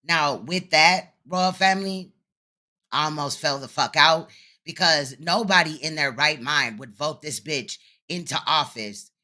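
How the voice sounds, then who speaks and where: A woman's voice: low-pitched, unhurried, sharp tone. A woman hosting reaction commentary, blunt, mocking and profane. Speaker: commentary host.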